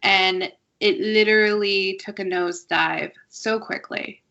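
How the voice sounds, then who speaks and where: A woman's voice: medium pitch, steady tone, a little slow, gravelly, sharp tone, muffled recording. A woman hosting a podcast, chatting casually and giving opinions on shows with frequent restarts. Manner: talkative, many restarts, opinionated. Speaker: podcast host. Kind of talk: casual review chat.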